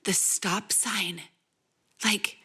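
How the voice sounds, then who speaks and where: A woman imitating her husband whispering a hurried warning to her while telling a story. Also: medium pitch, fairly even intonation, fairly bright tone, natural voice. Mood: urgent. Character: worried husband, male, whispering.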